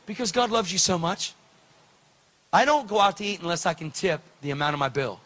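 A man preaching, telling a story with lively, preacherly delivery and acted-out dialogue. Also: high voice, fairly quick. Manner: animated, preacherly, acts out dialogue. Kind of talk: sermon storytelling.

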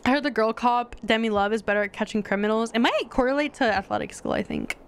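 A young woman streaming a life-sim game, chatting casually to her viewers and getting excitable. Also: fairly high pitch, fast, slight background noise. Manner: chatty, excitable, talks to chat. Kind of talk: casual gameplay commentary.

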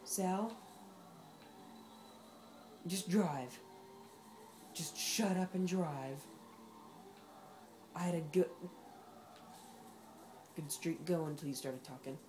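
A woman's voice: lowish voice, extremely slow, long pauses, a little mellow, a little hiss or hum. A woman giving casual, sarcastic commentary while playing a racing game, talking back at the game's characters. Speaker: gameplay commentator.

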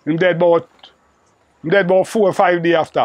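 Crowd noise sits behind an older man with a Jamaican patois accent as he tells an interviewer a long, rambling story about an old friend. His high-pitched voice is brisk with fairly even intonation, and he repeats himself, saying "you know" again and again.

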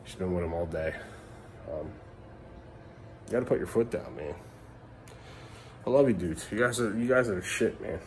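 A man in his thirties, a father, records a casual vlog to camera at home at night using the camera mic, with slight background noise. His low voice moves at a moderate pace with long pauses, and his talk is emotional, casual, and laced with fillers and swearing.

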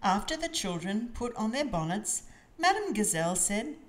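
Woman, children's story reader, storybook read-aloud, expressive, very lively melody. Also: a little high, moderate pace. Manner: expressive, sing-song reading.

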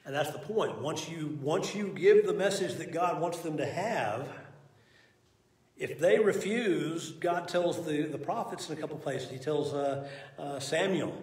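A man's voice: a little high, expressive, measured pace, darkish tone. A man teaching a conversational Bible lesson, earnest and folksy, telling family anecdotes. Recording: echoey hall from far off.

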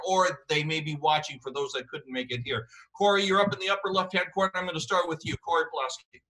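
A man's voice: fairly high pitch, bright, forceful tone. A man hosting a video call reunion, calling on each guest in turn. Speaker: host.

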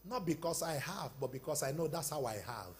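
A man preaching a sermon as pastor, swinging between loud shouted bursts and quieter, slower passages. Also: on the high side, animated, slight background noise.

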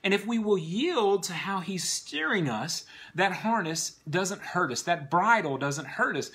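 Lively, husky-voiced male preacher. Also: high voice, a little slow. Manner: earnest exhortation addressed to the congregation. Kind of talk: sermon.

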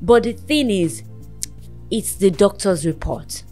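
A woman's voice: mid-range voice, lively intonation, takes it slowly, darkish tone, faint music behind. A woman hosting a talk show, earnestly counselling and encouraging a guest in a motherly, preaching way.

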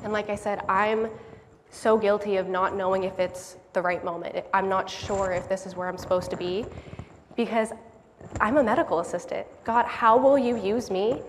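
A woman's voice: mid-range voice, fairly even intonation, moderate pace, slight background noise. Earnest woman preaching in a reverberant church. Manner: earnest, laughs at herself. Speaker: lay speaker giving a church message. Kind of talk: sermon. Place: church hall. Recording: long hall reverb, faint background ambience.

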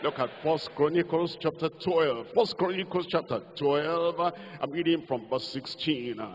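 This sermon comes from an older Nigerian-accented pastor guiding call-and-response and sing-song declarations with his congregation. His voice is on the high side and measured in pace, and the lo-fi hall recording carries a little hiss or hum.

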